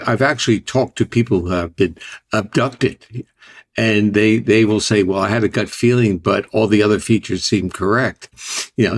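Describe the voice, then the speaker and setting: Older man, low voice, deliberate science explainer, restarts phrases. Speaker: scientist guest.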